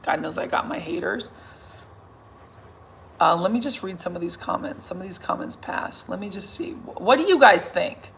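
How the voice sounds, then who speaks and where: A woman in her thirties chatting casually to her followers, emphatic and self-assured, swinging from soft to loud. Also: medium pitch, expressive, moderate pace, vocal fry, slight background noise. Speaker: singer and vlogger addressing her followers. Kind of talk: casual livestream chat reading comments.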